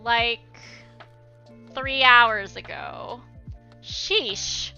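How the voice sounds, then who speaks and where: A woman's voice: fairly high pitch, very animated, very slow, creaky, sharp tone, smooth. A young woman chatting casually with viewers on an art livestream while she draws, thanking them by name and using many fillers. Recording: slightly dull lo-fi stream audio, faint music.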